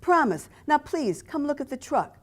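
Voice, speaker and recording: A woman's voice: high-pitched, sing-song, normal speed, pitched above the performer's own voice. A woman voicing an Italian immigrant man who sells produce, speaking with an Italian accent in an eager, begging way. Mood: pleading.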